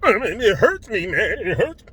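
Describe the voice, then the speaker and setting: A man's voice: high-pitched, very animated, normal speed, fairly bright tone, breathy edge, no room sound, full character voice. A man mimicking a whimpering choked-up athlete. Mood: mock-weepy. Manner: shaky, whimpering, mocking.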